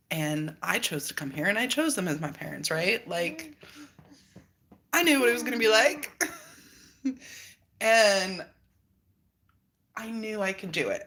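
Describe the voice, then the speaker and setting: A woman in her thirties talking candidly about her own experiences, telling stories and acting out what she and others said. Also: low voice. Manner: candid, animated storytelling with laughs and acted-out quotes. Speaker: host. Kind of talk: reflective personal monologue.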